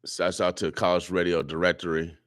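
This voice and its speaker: A man's voice: deep voice, little pitch movement, brisk, fairly bright tone, no room sound, studio quality. A man hosting a radio show, delivering an emotional, preachy monologue with lots of repetition. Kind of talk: impassioned talk radio monologue. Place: radio studio.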